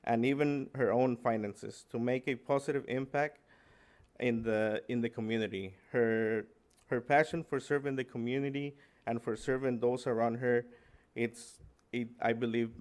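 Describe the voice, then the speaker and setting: A man giving a public comment at a school board meeting in support of his wife, speaking haltingly with many restarts and self-corrections. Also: mid-range voice, a little mellow.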